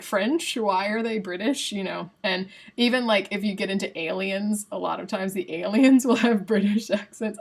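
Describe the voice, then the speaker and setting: A woman's voice: medium pitch, vocal fry. A woman from the United States hosting a livestream in a chatty, casual way, reading quiz answers aloud and laughing often. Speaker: livestream host.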